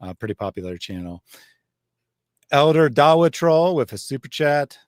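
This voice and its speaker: A man's voice: on the high side, big pitch swings, moderate pace. A man hosting a live stream, reading super chats with wry, sardonic asides. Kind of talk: casual live chat.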